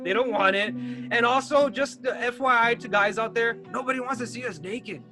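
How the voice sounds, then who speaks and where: A man's voice: very high voice, moderate pace, over music. A man hosting a casual podcast chat, crude and joking, laughing often. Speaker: podcast host.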